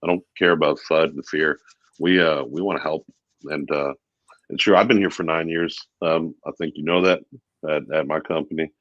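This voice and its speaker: A man talking as a guest in a casual interview, relaxed and chatty with many fillers. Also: rumbling low, normal speed, no room sound, highs cut off. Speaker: guest, VP of sales.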